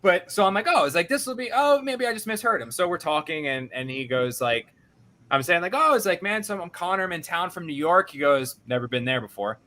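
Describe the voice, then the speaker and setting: A young man hosts a casual podcast, recounting a story with animated, self-deprecating energy. His voice is bright and sharp-edged and sits a bit high. He slips into the voices of the people he quotes. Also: a little fast. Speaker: podcast host.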